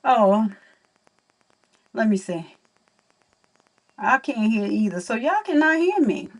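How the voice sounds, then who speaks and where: A chatty young woman hosts a livestream from home. Her voice sits a little high, and she talks straight to her viewers through a computer mic. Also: very animated, slow, recorded from a distance. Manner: chatty, talks to viewers while fixing audio. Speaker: livestream host. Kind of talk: casual livestream chat.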